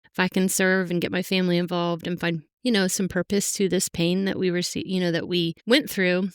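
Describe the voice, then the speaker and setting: A middle-aged woman guest on a podcast, speaking heartfelt and halting, with many fillers, about her own life. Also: lowish voice, little pitch movement, smooth, no room sound, studio quality. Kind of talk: emotional personal interview.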